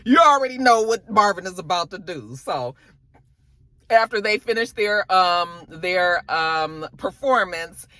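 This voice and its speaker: Lively, bright-voiced woman recapping a show. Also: on the low side, a little slow, no echo. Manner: animated, profane, acts out characters' lines. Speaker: TV show reviewer. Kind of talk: casual episode recap.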